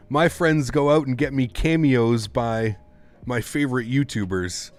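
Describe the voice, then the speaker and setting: A man's voice: medium pitch, takes it slowly. A man chatting casually on his live stream, reacting with laughter and disbelief.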